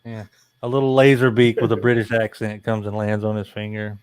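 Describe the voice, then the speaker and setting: A man's voice: lowish voice, steady tone, brisk, darkish tone, clear, resonant tone, no room sound. A man co-hosting a casual group chat, riffing jokingly on absurd scenes. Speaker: podcast co-host.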